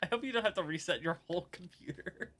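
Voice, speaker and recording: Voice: medium pitch, fast talker, fairly bright tone. A streamer in casual gaming chat, rambling and joking with frequent giggles.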